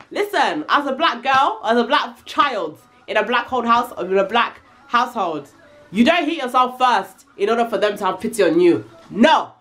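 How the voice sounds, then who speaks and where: A young woman telling a casual, slangy storytime, animated and full of swearing. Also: mid-range voice. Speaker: vlogger.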